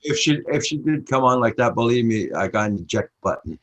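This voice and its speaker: A man's voice: medium pitch, expressive, brisk, fairly bright tone. Blunt laughing man on a live stream. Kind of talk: casual live-stream chat.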